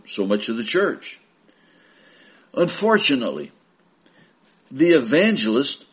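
A man delivering a sermon at an unhurried, deliberate pace, his voice slightly husky. His pitch swings widely, climbing high when he quotes scripture and dropping low for his explanations. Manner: slow, emphatic preaching, rising on scripture quotes. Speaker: preacher.

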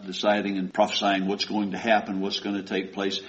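A man's voice: on the low side, monotone, a little fast, fairly bright tone. A man preaching a sermon and retelling a story in a folksy, conversational way. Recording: dull lo-fi recording.

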